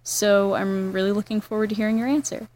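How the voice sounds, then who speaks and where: A woman's voice: medium pitch, fairly even intonation, brisk, darkish tone. Woman asking a question, polite and kinda apologetic, faint noise behind her. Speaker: listener sending in a question.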